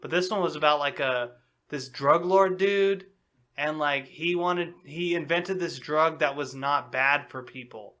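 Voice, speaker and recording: A man's voice: a little high, a little slow, bright, forceful tone. A man co-hosting a casual podcast, telling a long, rambling story packed with swearing and filler words. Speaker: podcast co-host. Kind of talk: casual chat.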